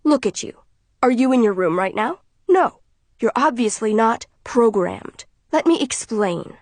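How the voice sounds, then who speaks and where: A woman voicing a father who explains things in a measured, reasoning way. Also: fairly high pitch, lively intonation, a little mellow, no echo. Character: father explaining calmly, soothing and controlling.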